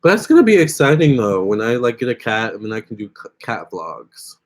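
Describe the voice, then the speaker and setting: A man's voice: medium pitch, wildly swooping pitch, a little fast. A young man hosting a casual phone livestream, chatting with viewers and reading their comments aloud. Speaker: livestream host.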